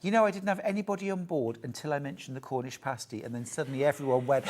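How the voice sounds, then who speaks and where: A woman's voice: low-pitched, fast, hardly any pauses, darkish tone. A middle-aged woman presenting crafts on a shopping channel, chatty, jokey and upbeat as she demonstrates products live.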